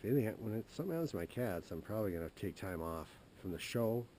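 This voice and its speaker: Low-voiced man rambling through a story. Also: expressive, warm tone, a little hiss or hum. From Wisconsin. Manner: rambling and halting, many restarts. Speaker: hunting show host. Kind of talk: casual storytelling. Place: outdoors in the woods.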